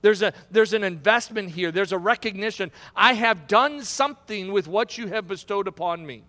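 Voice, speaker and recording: A man's voice: sits high, moderate pace, pushed and bright, in a large hall. A middle-aged man preaching a sermon as pastor, building to emphatic, repetitive climaxes. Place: church sanctuary.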